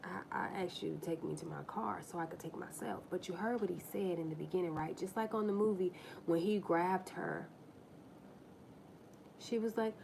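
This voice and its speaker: A woman hosting a livestream, telling a personal story to her viewers in a candid, profane, animated way. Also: fairly low pitch, brisk, creaky, a little hiss or hum. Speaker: livestream host.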